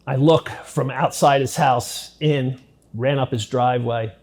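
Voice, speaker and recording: A middle-aged man sits for an interview and tells his story in his own words. He talks bluntly and swears freely, and his voice sits at an average pitch. He drops to a low hush at some moments and climbs to loud, intense bursts at others. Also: steady tone, a little slow, breathy edge. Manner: blunt, profane, intense retelling that swings between hushed and loud. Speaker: interviewee recounting his past. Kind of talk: first-person storytelling in an interview.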